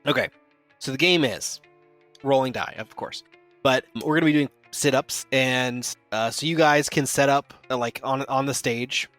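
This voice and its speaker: A man acting as game master, explaining the rules in a relaxed, rambling way. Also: mid-range voice, normal speed, no room sound, soft background music. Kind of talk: narrating a tabletop game.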